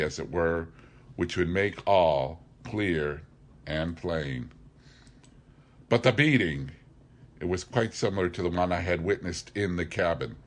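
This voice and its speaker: Low-voiced man reading a classic novel. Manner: measured, deliberate reading with occasional slips. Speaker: audiobook reader. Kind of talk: scripted narration of a classic novel.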